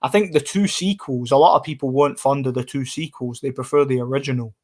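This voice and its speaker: A man's voice: medium pitch, fast talker, darkish tone. Chatty young streamer man. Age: 20s. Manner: rambling, reads and answers chat comments. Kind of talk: casual live-stream chat.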